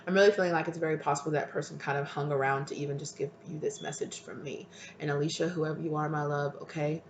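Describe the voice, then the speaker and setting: Tarot reader, soft and hesitant, mid-pitched, echoey room with light background noise. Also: fairly even intonation, rapid-fire. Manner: soft, tender, hesitant, calls listeners "my love". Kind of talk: intuitive tarot reading to viewers. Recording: roomy with faint ambient noise.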